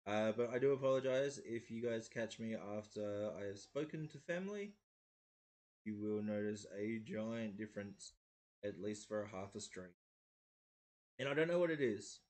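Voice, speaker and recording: A man in his thirties with a slight Maori accent, mostly in his R's, chatting casually as the host of a painting livestream, rambling and chuckling as he goes. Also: fairly low pitch. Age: 30s. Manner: rambling, self-correcting, chuckling often. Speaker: host of a miniature painting stream.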